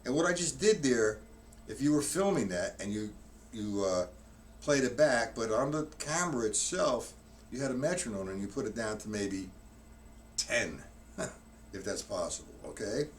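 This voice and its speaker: A male drum teacher with a mid-range voice and lively intonation gives a live-streamed lesson at normal speed, counting strokes aloud and explaining technique in a rambling way with lots of restarts. He's in a room with drums, picked up by a distant mic with loud drum hits and slight background noise.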